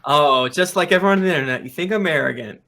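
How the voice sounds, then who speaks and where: A man's voice: on the high side, fast, background noise. A man hosting the evening's game, joking and mocking himself in casual banter.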